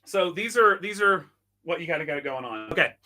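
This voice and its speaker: Host, male, tinkering on camera, bright tense voice; loose, self-mocking chatter. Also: a little high, animated, a little fast. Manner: chatty, self-deprecating, thinks aloud while tinkering. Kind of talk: casual live product demo.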